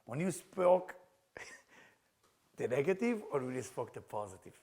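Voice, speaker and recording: A man who is a rabbi and teacher, leading a group through an interactive workshop lesson as an animated storyteller who laughs often. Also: mid-range voice, measured pace, breathy edge. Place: class or workshop room with a group.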